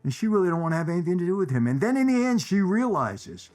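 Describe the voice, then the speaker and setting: A man's voice: high voice, big pitch swings, quick pace, darkish tone, soft background music. A man hosting his own channel, chatting casually about favorite movie lines in a rambling way, repeating phrases for emphasis. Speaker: channel host. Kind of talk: casual movie commentary to viewers.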